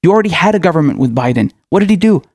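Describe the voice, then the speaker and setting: A man's voice: on the high side, animated, racing, darkish tone, no room sound, studio quality. A male political commentator in a furious, profane rant, firing off angry questions.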